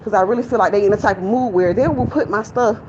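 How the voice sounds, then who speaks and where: Walking near a shopping center, this young adult vlogger vents to viewers in a casual, rambling way, breathless as she goes. Her mid-range voice moves fast and has a darkish tone, captured on lo-fi phone audio with traffic in the background.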